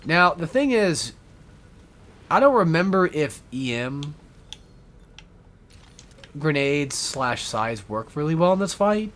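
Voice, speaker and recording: A man's voice: on the high side, very animated, slow, long pauses, a bit bright. A man giving rambling, casual gameplay commentary as a let's player, swearing often and correcting himself as he goes. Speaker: let's play gamer.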